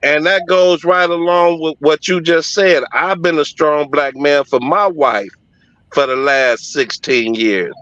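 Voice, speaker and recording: A man's voice: fairly high pitch, unhurried, fairly bright tone, no echo. A middle-aged man telling a story in casual conversation, emphatic and profane but heartfelt. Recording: dull lo-fi audio, dry.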